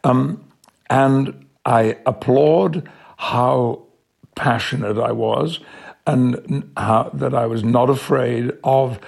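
An older man with an English accent, an actor answering interview questions in a measured, emphatic way. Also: medium pitch, vocal fry, breathy edge. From England. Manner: measured, warmly emphatic, slows on key words. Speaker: guest, actor.

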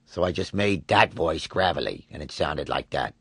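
Very deep-voiced man around forty. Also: animated, a bit bright, slightly rough, no echo. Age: 40s. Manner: halting, restarts words often. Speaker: voice actor guest. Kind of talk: relaxed interview talk.

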